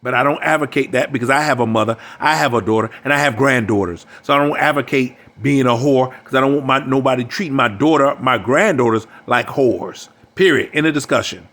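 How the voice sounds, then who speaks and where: A man's voice: mid-range voice, a little fast, few pauses, a bit bright. An older man gives a preachy, emphatic monologue as a relationship coach. He keeps repeating his phrases for emphasis. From United States.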